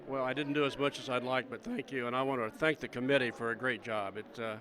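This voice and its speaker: Man, 60s, self-effacing reunion guest, bright edge in the voice. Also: medium pitch, steady tone. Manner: modest, halting with fillers.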